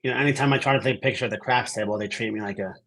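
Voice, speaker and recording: A man's voice: medium pitch, racing, fairly bright tone. A man co-hosting a betting podcast in casual chat, hesitant and trailing off with many fillers. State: recovering from illness.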